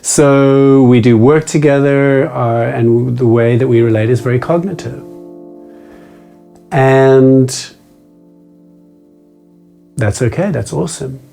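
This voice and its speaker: A man hosting a meditation video, talking casually to the camera, playful and self-mocking, moving between quick chatter and slow, deliberate phrasing. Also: mid-range voice, fairly even intonation, vocal fry, dark tone, faint music behind.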